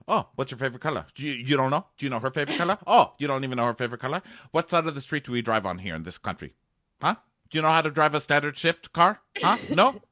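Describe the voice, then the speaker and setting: A man's voice: mid-range voice, bright, forceful tone, no room sound, studio quality, close to an everyday voice. A man voicing a pushy, bossy adult sister who fires off question after question at her sibling's suitor. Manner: rapid-fire interrogating questions.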